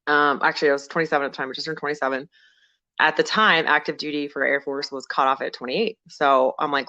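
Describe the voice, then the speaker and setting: A woman guest on a podcast, telling her own story casually and acting out the people in it with big pitch jumps. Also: fast talker, highs cut off. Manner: animated, acts out quoted people with sudden jumps in pitch. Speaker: podcast guest, veteran and former firefighter.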